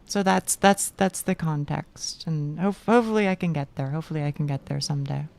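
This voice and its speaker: A woman streamer talks casually while she plays, her voice low and gruff with a gravelly rasp. She rambles and cuts herself off mid-sentence, laughing easily. A faint noise sits under the recording. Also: brisk, a little mellow. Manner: rambling, self-interrupting, laughs often. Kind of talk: casual chat while gaming.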